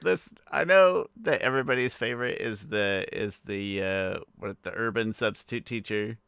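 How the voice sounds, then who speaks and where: A man's voice: fairly low pitch, moderate pace, a bit bright, clean tone, no room sound, clean studio sound. A man co-hosting a podcast in casual chat, giving laid-back, wry commentary. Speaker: podcast co-host.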